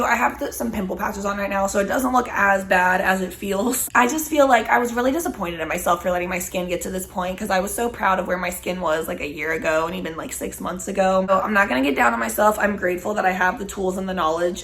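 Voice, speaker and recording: A woman's voice: medium pitch, fast, few pauses, a bit bright. A woman in her twenties chatting casually to her audience, candid and rambling, with frequent swearing. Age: 20s. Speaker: vlogger. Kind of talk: casual chat while smoking.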